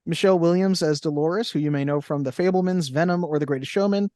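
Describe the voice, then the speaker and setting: A man's voice: fairly high pitch, quick pace, dark tone, dry recording, clean studio sound. A young man co-hosting a movie podcast in casual chat, reading cast lists and review quotes aloud. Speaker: podcast co-host.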